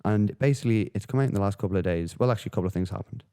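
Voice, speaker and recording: A man's voice: fairly low pitch, rapid-fire, mellow, clean tone. A man hosting a solo podcast, rambling and swearing through casual commentary with lots of fillers. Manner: profane, rambling, with frequent fillers. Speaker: podcast host.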